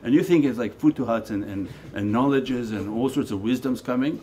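Soft-toned male Sufi teacher, conversational. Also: mid-range voice, normal speed, slight background noise. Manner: conversational, shifting between quiet asides and emphatic lines. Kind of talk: spiritual lecture and Q&A answer. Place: meditation center hall.

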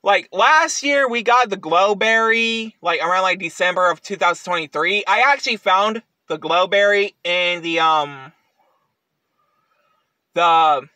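A man giving a casual product review, rambling and halting with frequent fillers. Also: sits high, bright, forceful tone, no echo.

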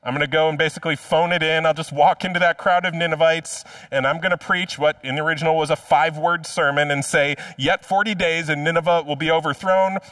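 A sulky, self-centered prophet grumbles and whines with sarcastic reluctance, as a preacher puts him on in a light, higher voice. The sound comes from a mic set well back, with a dry, flat room. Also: male voice, fast, hardly any pauses, dry recording, recorded from a distance, natural voice. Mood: grudging.

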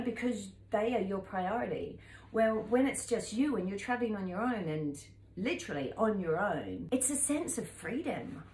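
A woman in her fifties with a New Zealand accent, telling a travel story to camera in a lively, animated way and acting out the voices in it. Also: medium pitch, roomy sound, poor audio. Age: 50s. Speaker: travel vlogger.

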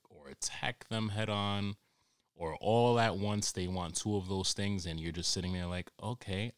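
Low-voiced man ranting crudely. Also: a bit bright, no room sound, studio quality. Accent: New York. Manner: rambling, crude, exasperated ranting. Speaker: podcast host. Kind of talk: profane comic monologue. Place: home during quarantine.

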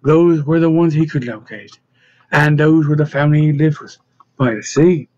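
Man narrator, audiobook reading, fairly high voice, steady, muffled dry recording. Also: normal speed, dry recording. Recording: dull lo-fi dry sound.

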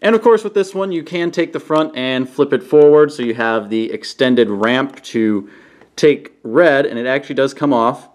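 A man casually reviewing toys on camera, playful, often breaking into goofy high-pitched exclamations. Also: normal speed. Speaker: toy reviewer. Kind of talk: casual hands-on product review. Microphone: camera he sets up himself.

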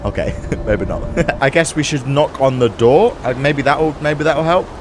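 A young man, reacting loudly and swearing while narrating a video game. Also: mid-range voice, normal speed, background noise. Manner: excitable, swears, mock accents. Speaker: gaming YouTuber. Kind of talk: let's play commentary.

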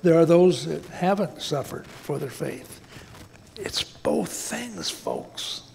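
A man's voice: fairly high pitch, huge pitch swings, slow, creaky, darkish tone, in a large hall, a little hiss or hum. A man preaching a sermon as pastor, folksy and plain-spoken, often repeating words and tossing in "man". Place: church sanctuary.

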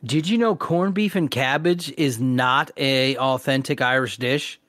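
A man at a podcast table in relaxed chat, reading out trivia and laughing between facts. He sounds close and dry, with no room around him and a middle pitch. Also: a little slow, no echo. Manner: reads out fun facts, laughs often. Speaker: podcast co-host. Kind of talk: casual chat.

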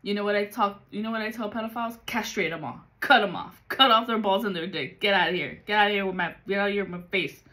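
A woman's voice: medium pitch, fast talker, few pauses, pushed and bright. A woman giving a casual spiritual reading, blunt and full of profanity and street slang. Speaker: psychic reader.

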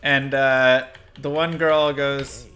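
A man's voice: mid-range voice, little pitch movement, slow pace, a bit bright, faint music behind. A man casually commenting on his gameplay during a live stream, chatty and rambling with frequent laughs. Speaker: game streamer.

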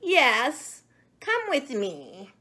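Woman voicing a storybook monkey, male, small, sneezing constantly, much higher than her own voice. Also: wildly swooping pitch, drawn-out words, bright, forceful tone, heavily acted. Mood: reassuring. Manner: sneezing between words. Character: sneezy little male monkey, sorry and kind.

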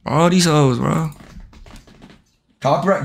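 A man's voice: mid-range voice, expressive, moderate pace, a bit bright. Brash, cursing young male streamer. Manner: brash, profane, talks straight to chat. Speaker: live streamer. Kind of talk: live stream chat with video-call strangers.

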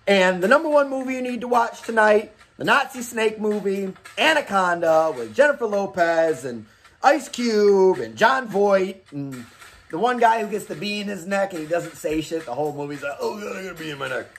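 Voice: medium pitch, expressive, moderate pace, slight background noise. A horror movie host giving daily picks in a casual, rambling rant full of swearing and tangents.

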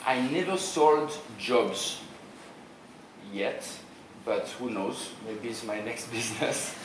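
A man's voice: mid-range voice, expressive, takes it slowly, a little hiss or hum. Man, French accent, forties, seminar speaker, joking tone, very reverberant room, distant mic. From France. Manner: informal, joking, quizzes the audience. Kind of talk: conference presentation. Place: hotel conference room. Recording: very echoey room, voice from afar.

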